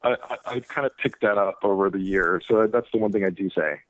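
A man's voice: on the low side, a little fast, crowd noise. A man hosting a casual chat who repeats words as he speaks. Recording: tinny phone-like radio sound, dry.

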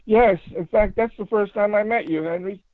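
A man telling a paranormal story in a casual phone interview, rambling and halting with many restarts. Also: sits high, no echo. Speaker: paranormal investigator guest. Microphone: phone call. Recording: tinny phone line, fry.

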